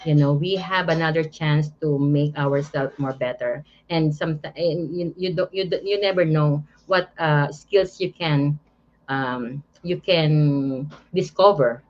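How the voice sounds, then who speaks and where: A woman from the Philippines, a non-native speaker, giving a testimony on an online call in a shy, hesitant, halting way. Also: low voice, muffled recording. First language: Filipino. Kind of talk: casual chat.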